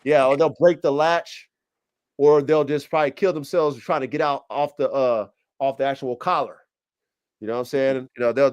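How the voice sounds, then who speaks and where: Smooth and mid-range, this man's voice carries a casual livestream podcast. As host, he launches into animated, meandering tales laced with profanity.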